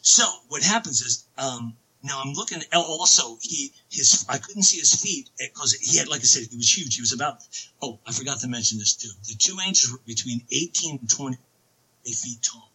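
A man telling a long personal story as an interview guest, excitable and rambling, full of restarts and asides. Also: mid-range voice, moderate pace, husky, low-quality recording. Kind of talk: casual storytelling on a podcast.

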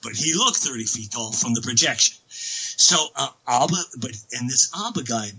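A man telling a long personal story as an interview guest, excitable and rambling, full of restarts and asides. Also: medium pitch, moderate pace, slightly rough, low-quality recording. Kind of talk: casual storytelling on a podcast.

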